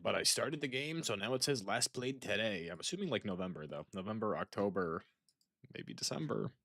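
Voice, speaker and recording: A young man with a fairly low, fairly bright voice, lively intonation, and vocal fry talks fairly quickly in a dry, studio-quality recording. Chatting casually during a video game, the streamer rambles, cuts himself off, and talks to an off-mic friend.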